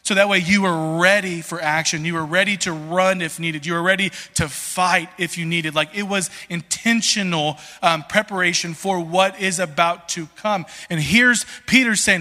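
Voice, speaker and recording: A pastor delivers a sermon in a lively, conversational way, tripping over his words as he pushes forward. His voice sits a little high and sounds bright and pressing. A long hall reverb hangs behind every phrase. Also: normal speed, hardly any pauses. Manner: conversational, animated, many "like"s and restarts.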